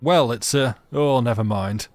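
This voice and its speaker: A man voicing an irritable, impatient woman artificer with a Yorkshire accent, curt and gruff, reading a story game aloud. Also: mid-range voice, measured pace, no echo, close to an everyday voice. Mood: irritated. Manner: curt, gruff, loud and exasperated.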